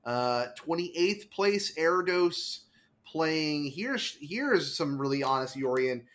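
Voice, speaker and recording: A man hosting a casual card game podcast, animated, laughing often and quickly correcting himself. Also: fairly high pitch. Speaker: podcast host. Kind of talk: casual chat about card game results.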